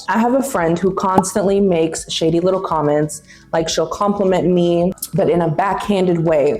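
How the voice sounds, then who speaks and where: A woman's voice: fairly low pitch, normal speed, few pauses, darkish tone, soft background music. A young woman in her twenties giving blunt, playful big-sister advice in a casual vlog, reading out viewer questions.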